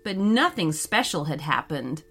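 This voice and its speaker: Slow, expressive woman reading a kids' story. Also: low-pitched, slightly rough, soft background music. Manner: slow, expressive read-aloud. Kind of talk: children's story narration.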